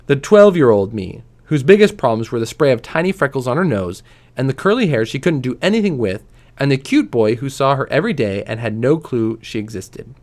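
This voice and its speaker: Male reader, mid pitch, very animated delivery, livens up the quotes and sinks to a hush on quiet lines. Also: fairly quick. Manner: expressive, lively voices for quoted lines; drops to a soft, low voice on quiet lines. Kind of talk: reading a novel aloud.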